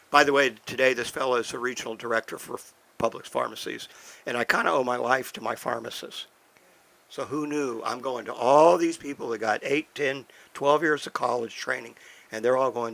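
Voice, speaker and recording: A man's voice: medium pitch, normal speed, creaky, a bit bright, low-quality recording. An older man in a studio, telling a personal story in a folksy, wry way and acting out the conversations. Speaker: podcast co-host. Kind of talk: casual storytelling.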